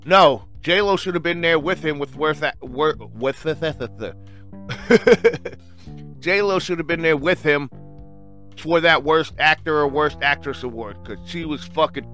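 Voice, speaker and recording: Bright-voiced, excitable man ranting about a movie. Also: fairly high pitch, takes it slowly, soft background music. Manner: excitable, swears, keeps saying "freaking". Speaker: movie reviewer. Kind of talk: casual rant reading off a webpage.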